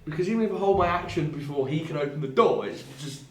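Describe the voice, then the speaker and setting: A man playing a tabletop game, excitable and sweary, laughing often. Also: on the high side, fast talker, recorded from a distance, crowd noise. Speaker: player. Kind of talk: casual tabletop play. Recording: echoey room with faint music.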